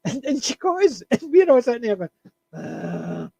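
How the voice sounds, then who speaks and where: A man chatting on a panel, telling an animated anecdote and chuckling at his punchlines. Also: very high voice, quick pace, no echo. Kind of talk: casual storytelling chat.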